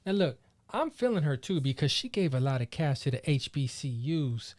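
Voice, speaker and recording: A man hosting his own podcast solo, chatting casually in animated, slangy riffs. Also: fairly high pitch, normal speed. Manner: animated, slangy, playful riffing. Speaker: podcast host.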